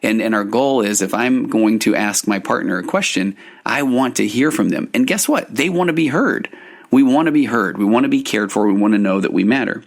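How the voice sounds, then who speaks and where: Male therapist-host, earnest teacher, slightly low voice with vocal fry. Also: expressive, fairly quick. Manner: earnest, explanatory, often restarting phrases. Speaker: podcast host and marriage therapist. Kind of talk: solo podcast teaching.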